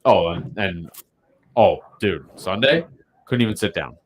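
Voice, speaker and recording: A man with a low voice co-hosts a casual podcast about bowling. He talks in a loose, rambling way, full of fillers, and laughs often. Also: expressive, unhurried. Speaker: podcast co-host.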